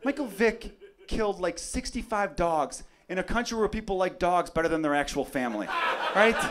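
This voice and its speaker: A man from Chicago performing a profane, excitable stand-up comedy set on a club stage, with a handheld mic. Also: sits high. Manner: brash, profane, excitable bits. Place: comedy club stage before a live crowd. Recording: live club recording with crowd laughter. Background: audience laughter.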